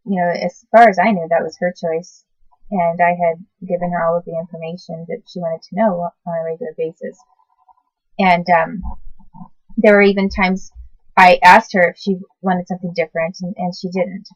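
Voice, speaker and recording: A woman in her forties recalling the past in a casual, halting way, often stopping to correct herself and search for words. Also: on the low side, flat delivery, no room sound. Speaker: recalling past babysitting work. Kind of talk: casual personal recollection to camera. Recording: dull lo-fi sound.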